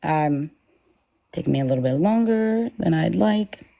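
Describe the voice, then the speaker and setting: A woman's voice: fairly low pitch, animated, measured pace, creaky, mellow, muffled recording. A woman hosting a livestream, shaky and nervous, talking bluntly and confrontationally and swearing freely. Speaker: livestream host.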